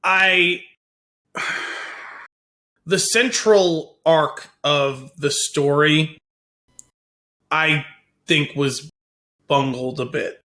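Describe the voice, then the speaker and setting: A man's voice: on the high side, drawn-out words, pauses often, pushed and bright. A man co-hosting a movie podcast, giving frank opinions and hedging with lots of "like"s. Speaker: podcast co-host. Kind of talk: casual movie podcast chat.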